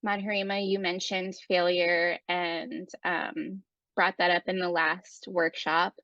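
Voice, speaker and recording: A woman's voice: lowish voice, level tone, slow pace, bright, forceful tone, no room sound, dull audio. A woman coach talking in an upbeat, encouraging way during an online workshop, with fillers. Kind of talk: casual workshop talk.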